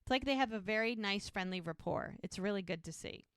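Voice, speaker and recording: A woman's voice: mid-range voice, brisk, fairly bright tone, clean tone, dry recording. A woman talks through a show's scenes for her podcast in an easy, chatty way, sometimes quoting the characters. Her voice sits mid-range and sounds close and dry, with no room around it. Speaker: podcast co-host. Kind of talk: casual episode recap.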